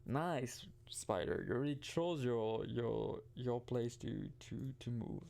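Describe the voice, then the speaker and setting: Young man gamer, rambling and self-interrupting, gravelly fry, mid pitch. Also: measured pace, hardly any pauses, a little mellow. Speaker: gaming video host. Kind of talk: casual gameplay commentary.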